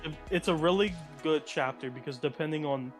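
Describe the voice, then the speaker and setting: A man co-hosting a podcast in casual chat, hyped and quick to laugh. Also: fairly high pitch, faint music behind. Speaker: podcast co-host.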